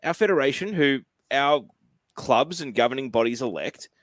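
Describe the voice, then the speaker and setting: A man in a casual podcast chat, giving emphatic, animated opinions. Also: medium pitch, moderate pace, no echo. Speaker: podcast co-host.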